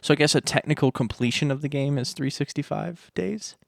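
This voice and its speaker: A man's voice: on the high side, a little fast, creaky, no echo, studio quality. A man chatting casually with viewers on a live stream, rambling and self-deprecating. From United States.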